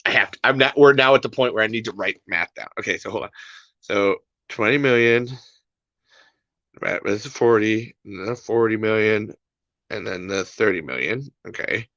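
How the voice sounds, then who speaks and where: A man's voice: on the low side, normal speed, a bit bright, no room sound, lo-fi sound. A man hosting a casual livestream, ranting in an exasperated, rambling way and repeating himself. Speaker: podcast host.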